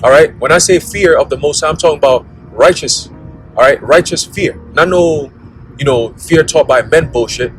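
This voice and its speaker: A man's voice: on the high side, normal speed, faint music behind, poor audio. A man giving a blunt, profane preaching monologue, constantly checking in with "okay?" and "all right?". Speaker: religious commentator.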